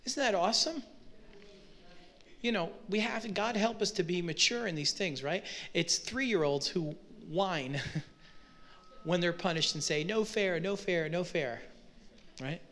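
A man's voice: high voice, unhurried, pauses often, pushed and bright. A man preaching a sermon, explaining Bible verses in a conversational way with frequent rhetorical questions. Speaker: pastor.

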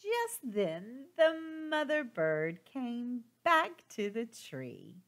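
Slow, animated woman reading a storybook. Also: fairly high pitch. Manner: slow, expressive, sing-song. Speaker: teacher. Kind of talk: storybook read-aloud for children.

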